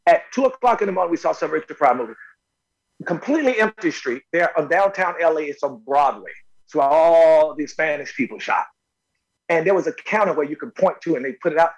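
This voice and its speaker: A man from North Carolina with a fairly high voice tells stories in a relaxed interview. He is animated and often repeats words as he goes. He talks about his own life as the guest actor. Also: brisk, poor audio. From North Carolina, USA. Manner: animated, repeats words while telling a story. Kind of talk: casual storytelling interview.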